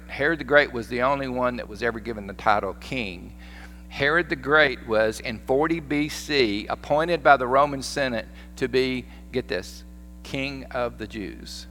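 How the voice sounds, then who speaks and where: A Southern American pastor preaching in a folksy, animated storytelling way, his voice at a man's middle pitch. The sermon rings through a church sanctuary with a long echo, and a faint hum sits underneath. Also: normal speed.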